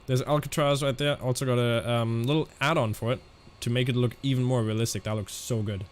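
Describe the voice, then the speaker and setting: Man, flight sim streamer, casual live commentary, medium pitch, halting, chatty. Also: fairly even intonation, slight background noise. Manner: chatty, halting, answers chat questions aloud.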